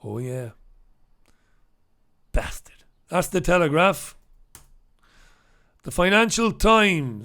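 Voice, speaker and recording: Male host, opinionated newspaper rant, sarcastic and profane; slightly high, sharp tone. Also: sing-song, slow, long pauses. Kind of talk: newspaper review broadcast.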